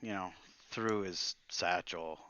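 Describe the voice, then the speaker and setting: A man's voice: sits low, slow pace, bright, forceful tone, clean tone. A man playing a tabletop game, narrating what his character does in descriptive detail, with many fillers. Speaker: player.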